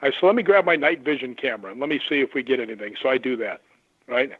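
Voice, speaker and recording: A man who investigates the paranormal, telling lively stories and acting out the voices of the people in them. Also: medium pitch, fast, husky, dry recording. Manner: animated anecdotes, acts out quoted voices. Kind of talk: storytelling on a radio call-in. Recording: tinny phone line.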